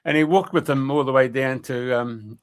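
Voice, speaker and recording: Male radio storyteller, rambling and colloquial, mid-pitched voice. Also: moderate pace, clean tone. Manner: colloquial, rambling, many fillers. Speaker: radio show speaker. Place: radio studio.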